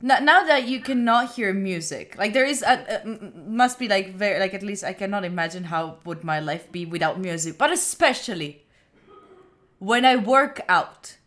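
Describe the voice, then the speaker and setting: A woman with an Italian accent hosting a casual chat, animated and full of restarts. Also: medium pitch, normal speed. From Italy. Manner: animated, with frequent restarts and fillers. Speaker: streamer host.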